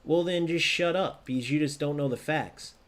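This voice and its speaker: A man's voice: fairly high pitch, normal speed, fairly bright tone. Ranting man over gameplay. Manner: ranting, argumentative, addresses viewers directly. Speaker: football video game streamer. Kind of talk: live gameplay commentary.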